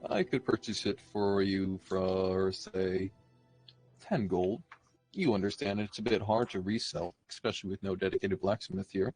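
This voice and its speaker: A greedy, grinning old shopkeeper haggles over every coin in a tabletop game, as a man puts him on. His voice sits low, and faint music plays behind him. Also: fairly even intonation, normal speed, a little mellow. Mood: haggling. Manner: sly, haggling. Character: greedy older male shopkeeper.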